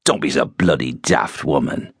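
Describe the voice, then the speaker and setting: A man voicing a bad-tempered middle-aged husband who mutters gruffly, in an audiobook. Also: very deep voice, normal speed, dry recording, studio quality, voice pushed down, exaggerated voice. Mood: irritated.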